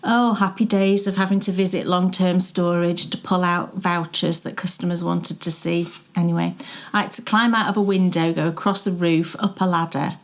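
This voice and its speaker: A woman's voice: fairly low pitch, steady tone, moderate pace. Chatty woman telling stories. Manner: chatty, storytelling, laughs often. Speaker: podcast co-host. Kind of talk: casual knitting chat.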